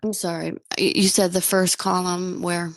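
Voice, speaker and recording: A woman student answering in a language lesson over a video call, speaking hesitantly with many pauses and fillers. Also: fairly low pitch, level tone.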